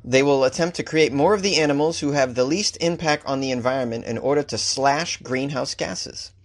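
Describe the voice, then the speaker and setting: A man's voice: mid-range voice, fairly quick. Man ranting sarcastically about weird news. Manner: sarcastic ranting with mock outrage. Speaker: comedian podcast host. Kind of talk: comedic news commentary. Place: Los Angeles.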